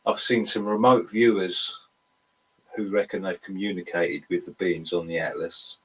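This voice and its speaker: A man with an Essex accent, calmly explaining things in a casual talk. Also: sits low, normal speed, husky, rough recording. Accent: Essex English. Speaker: podcast co-host. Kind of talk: casual conversation.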